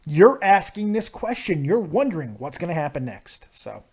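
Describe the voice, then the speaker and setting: A man hosting a live call-in wrestling review show, excitable and profane, often talking over his callers. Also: a little high, normal speed, slightly rough.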